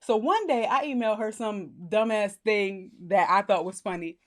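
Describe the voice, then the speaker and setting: A woman's voice: medium pitch, moderate pace. A woman vlogger telling a personal story in a casual, goofy way, laughing often as she talks.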